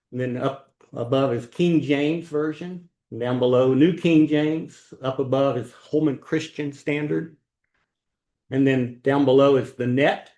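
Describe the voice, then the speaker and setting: A man's voice: medium pitch, a little mellow. A man teaching a Bible class at church, talking casually with ums and rhetorical questions as he walks through slides.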